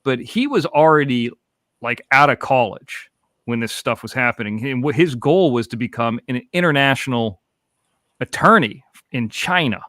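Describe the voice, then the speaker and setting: A man's voice: mid-range voice, moderate pace, a bit bright, no room sound, clean studio sound. A man in his forties from Florida, a podcast host telling rambling, profane stories in casual chat. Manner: rambling, profane, laid-back.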